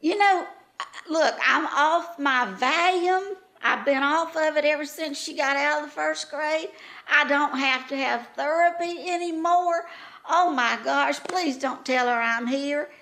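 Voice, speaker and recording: A woman's voice: high-pitched, measured pace, bright, forceful tone, exaggerated voice. A woman playing an elderly retired first-grade teacher, rambling through folksy, gossipy stories. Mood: panicked. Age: older.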